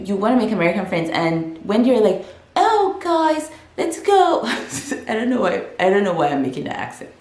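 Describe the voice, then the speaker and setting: A woman's voice: lowish voice, echoey room. A young woman from Africa giving frank, chatty advice in a casual vlog, with many fillers and restarts. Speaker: vlogger.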